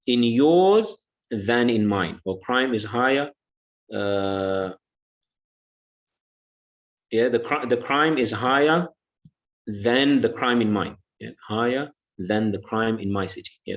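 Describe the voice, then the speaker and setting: A man's voice: medium pitch, highs cut off. A male English teacher giving an online lesson, patiently repeating words and saying "yeah" often.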